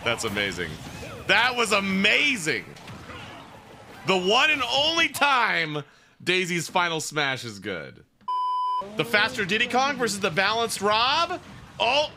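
A male streamer giving live gaming commentary, excitable and quick to laugh and yell at the game. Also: sits high, over music.

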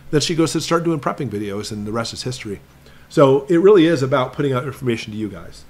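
A man hosting a prepping live stream, answering viewer questions in a talkative, emphatic lecturing manner that slows down to stress points. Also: medium pitch, lively intonation, darkish tone. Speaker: prepping channel host.

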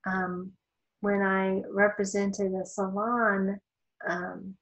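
A woman's voice: medium pitch, little pitch movement, extremely slow, poor audio. Woman giving a casual law lecture. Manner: conversational, with asides and fillers. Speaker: law instructor. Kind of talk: recorded lecture.

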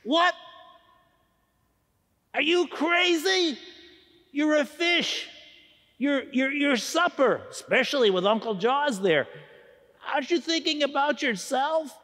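A man voicing a timid, fretful male turtle puppet in a church children's skit, high and pleading. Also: unhurried. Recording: echoey church hall.

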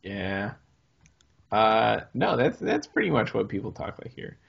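A man's voice: on the low side, big pitch swings, unhurried, gravelly, breathy edge, muffled recording. A man, co-hosting a podcast in casual chat and rambling through hesitant restarts. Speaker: podcast co-host.

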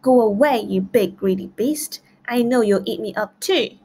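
A woman's voice: mid-range voice, animated, measured pace. A woman voicing a brave little male gingerbread cookie in a storybook read-aloud, bold and cheery. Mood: defiant.

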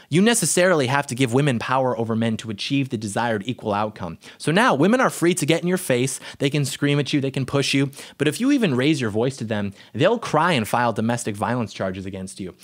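Fast-talking sarcastic young man. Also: mid-range voice, lively intonation. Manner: sarcastic, indignant. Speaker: political commentator. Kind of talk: opinion monologue.

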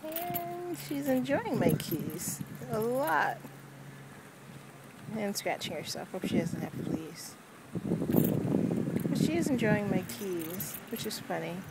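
A woman's voice: medium pitch, sing-song, slow, pauses often. A woman casually narrating as she pets a cat outdoors, playful and self-mocking, talking to the cat now and then. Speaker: vlogger. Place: outdoors on a street. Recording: noisy outdoor street recording.

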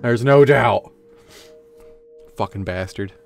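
A man's voice: mid-range voice, slow, faint music behind. A young man streaming a game and chatting casually, rambling and swearing while he jokes. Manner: profane, rambling, joking. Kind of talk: casual gameplay chat.

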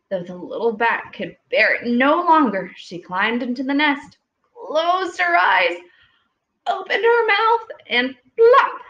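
A woman reading picture books aloud to young children at home, pausing gently to ask them questions. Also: mid-range voice. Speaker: storytime reader. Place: home room with children nearby. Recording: echoey room, dull lo-fi audio.

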